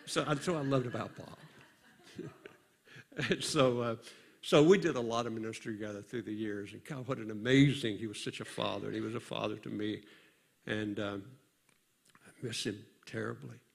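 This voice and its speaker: An older man, a pastor, preaching a sermon in a conversational storytelling way, often pausing and restarting his sentences. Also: on the low side, steady tone, vocal fry, slightly rough.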